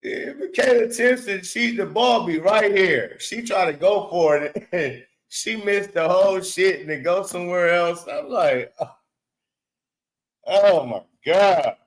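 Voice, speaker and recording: High-voiced man ranting about basketball. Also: a little slow, rough recording. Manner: blunt, profane, exasperated rants; repeats words for emphasis. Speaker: sports show host. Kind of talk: casual basketball commentary.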